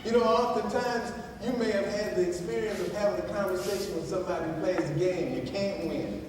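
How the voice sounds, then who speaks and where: A male minister preaching a sermon, telling stories and dropping low and soft for emphasis. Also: a little fast. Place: large church hall. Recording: distant echoey hall with noise.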